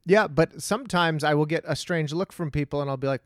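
A man, a comedian, rambling in casual podcast chat, self-deprecating and animated when telling stories. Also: fairly high pitch, fairly quick, dry recording, clean studio sound.

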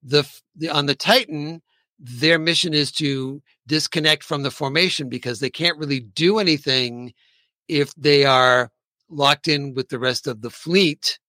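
A man's voice: a little high, unhurried, sharp tone, no echo. A man hosting a casual podcast chat and keeping the discussion moving. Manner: steers the talk along. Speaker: podcast host.

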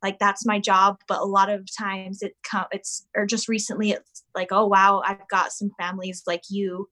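A woman in her thirties, chatting casually as a podcast guest and telling an animated story. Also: medium pitch, moderate pace. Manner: animated storyteller, acts out voices of her kids. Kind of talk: casual chat.

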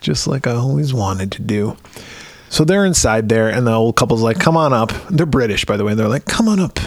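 A man co-hosts a casual podcast with a lively, animated delivery. He swears freely and laughs often, and he slips into funny voices when he retells phone calls. The recording is dry and close. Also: medium pitch, brisk, no echo. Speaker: podcast co-host. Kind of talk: casual podcast chat about a horror film.

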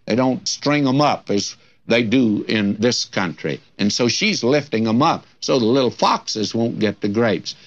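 An older man preaching a radio Bible sermon, earnest and folksy, reading scripture with dramatic flair. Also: mid-range voice. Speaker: Bible teacher. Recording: dull lo-fi radio recording.

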